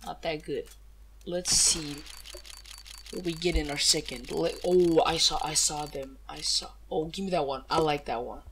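A woman hosting a gaming channel, giving excited case-opening commentary, gasping, exclaiming and swearing freely. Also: low-pitched, moderate pace, a little hiss or hum.

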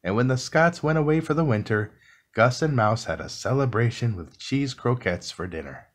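A man reads a classic children's picture book aloud in a calm, unhurried bedtime voice. His pitch sits in an ordinary middle range, and he keeps his delivery soft and relaxing. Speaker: storybook reader. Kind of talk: calm bedtime storybook reading.

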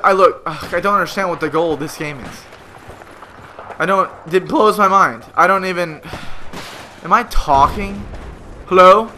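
A young man rants through a game at home, frustrated and exasperated, breaking into sudden loud outbursts. His voice sits high and sounds bright and tense. A faint hum runs behind him as he talks into a headset. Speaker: gamer. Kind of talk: gameplay commentary rant.

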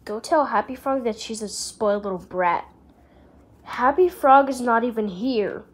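A woman's voice: a little high, unhurried. Woman doing snappy bickering voices. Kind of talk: amateur character voice acting.

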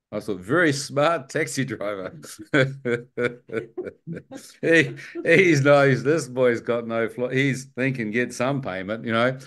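A man with a New Zealand accent recounts a near-death story as a spoken testimony. He tells it like an animated storyteller, putting on voices for the people in it and laughing as he goes. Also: mid-range voice, takes it slowly. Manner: animated storyteller, acts out dialogue, laughs often. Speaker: guest telling his testimony.

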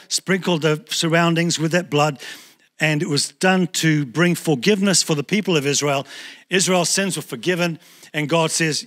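Male pastor, New Zealand accent, higher voice, chatty lively sermon delivery. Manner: conversational, animated preaching with acted asides.

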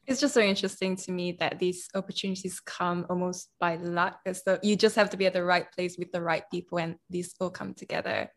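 A woman's voice: fairly low pitch, steady tone, brisk, hardly any pauses. A woman hosting a podcast, musing in casual conversation with her guest. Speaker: podcast host.

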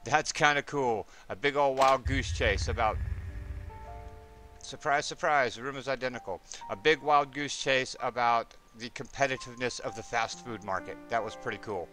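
A man's voice: medium pitch, moderate pace, sharp tone, soft background music. A man hosting a gameplay video, chatting playfully as he plays. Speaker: gameplay host. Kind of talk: let's play commentary.

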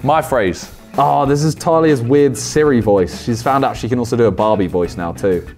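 A man's voice: medium pitch, moderate pace, a little mellow, soft background music. A young man, reacting to fan posts in casual commentary, teasing and self-mocking.

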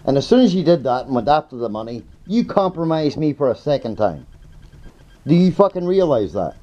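A man's voice: a little high, sing-song, fairly quick, dark tone, muffled recording, a little hiss or hum. A man angrily confronting his advocate, swearing and hammering the same accusing questions. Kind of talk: heated confrontation.

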